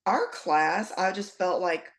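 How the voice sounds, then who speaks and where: Low-voiced woman telling a story. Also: slow, vocal fry. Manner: profane, animated storytelling. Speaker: podcast co-host. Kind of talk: casual chat.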